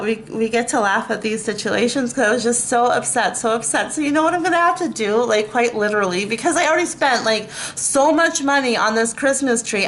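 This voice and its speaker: Woman vlogger, fed-up profane rant, a touch high-pitched, faint hiss behind. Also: a bit bright. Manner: exasperated, profane ranting with frequent fillers; breaks into laughter at herself. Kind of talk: casual rant to camera.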